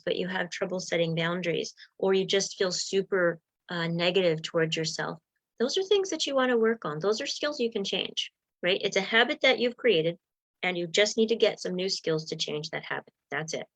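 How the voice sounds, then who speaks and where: A woman's voice: mid-range voice, normal speed, a bit bright. A woman mindset coach giving a motivational talk to viewers, encouraging and acting out inner voices.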